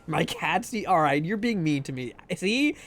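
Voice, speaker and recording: This man's voice is on the high side and fairly bright, with lively intonation and a moderate pace. Streaming a game from his home desk mic, he keeps up casual chat with viewers, full of self-deprecating jokes and frequent laughter.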